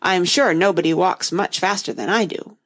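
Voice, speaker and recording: A woman's voice: fairly low pitch, normal speed, a bit bright. A woman voicing a sulky male messenger in a storybook.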